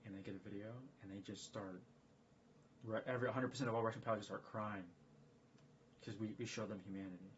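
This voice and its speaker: A man's voice: fairly low pitch, fairly even intonation, fast talker. A man talking in a casual live-stream monologue, rambling and emphatic, often repeating himself. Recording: dull lo-fi stream audio with faint background noise.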